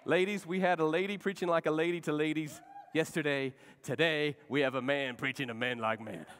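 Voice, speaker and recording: A male pastor preaching a sermon, swinging from loud rallying shouts to hushed, soft pleading. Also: fairly high pitch, fairly even intonation, brisk, in a large hall. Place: church sanctuary.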